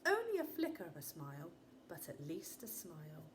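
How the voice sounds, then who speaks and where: A woman teacher reading a storybook aloud to children, expressive and asking her listeners questions. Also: sits low, normal speed, noisy background. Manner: expressive, gasping in wonder, asks the listener questions.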